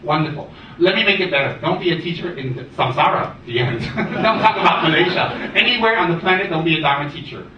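A man giving a dharma talk as a Buddhist teacher, animated and teasing, rattling off long lists. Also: fairly high pitch, brisk, few pauses, a crowd in the background. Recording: echoey room, distant dull mic.

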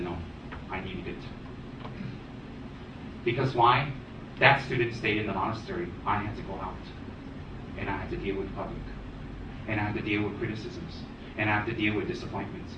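A man giving a dharma talk as a Buddhist teacher, animated and teasing, rattling off long lists. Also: fairly low pitch, noisy background. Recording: echoey room, distant dull mic.

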